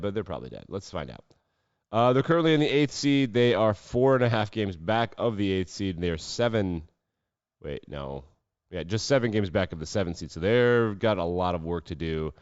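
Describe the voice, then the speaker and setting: A man with a lowish voice talks through the weekend's sports news in a relaxed, sarcastic way, tossing off dry asides. The sound is dull and slightly lo-fi, with a close, dry feel and no room echo. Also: normal speed, clean tone. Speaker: sports podcast host. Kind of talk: casual sports commentary.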